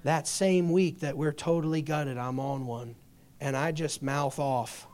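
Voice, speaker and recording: A man in middle age delivers a sermon in a high-pitched voice. His storytelling is passionate and shifts between quiet, hushed moments and loud, emphatic peaks. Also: fairly even intonation, measured pace. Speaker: pastor.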